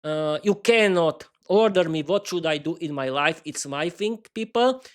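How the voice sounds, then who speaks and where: A man's voice: fairly high pitch, moderate pace. A young man, a non-native English speaker, hosting his own podcast in a solo improvised live stream, rambling with many restarts and repeated words, earnest and laughing at himself. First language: not English. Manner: earnest and self-mocking, often laughing at himself. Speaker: podcast host.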